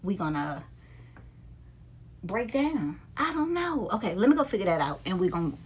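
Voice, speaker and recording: Woman vlogger, mid pitch, chatty and animated, talks to camera, faint background noise. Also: brisk. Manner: chatty and animated, talks straight to her viewers. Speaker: handbag vlogger. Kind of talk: casual unboxing chat to viewers.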